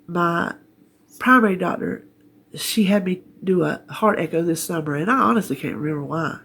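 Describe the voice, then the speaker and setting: On her health update vlog, a middle-aged Southern woman from North Carolina sits in her living room chair and rambles in a homey, easy-laughing way. Her lowish voice moves at normal speed, a bit bright with a breathy edge.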